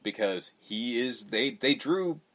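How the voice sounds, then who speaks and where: Animated man recapping a film. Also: medium pitch, slow pace. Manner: animated, profane, mimics characters mid-story. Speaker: podcast host. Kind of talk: casual movie recap chat.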